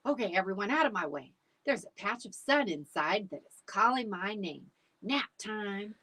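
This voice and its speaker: Figure: woman playing a bold, matter-of-fact female dog in a storybook. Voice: husky, animated. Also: medium pitch, moderate pace, voice pushed up, rough recording. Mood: sassy.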